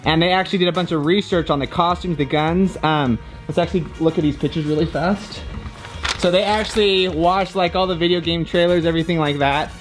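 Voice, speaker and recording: A man whose voice is hoarse and worn thin, asking questions in a loose, rambling way. He sits a little high for a man, and faint music runs underneath. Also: fairly even intonation, a little fast. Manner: loose, rambling, many "like" fillers. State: hoarse, lost voice. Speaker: interviewer. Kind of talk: casual behind-the-scenes chat.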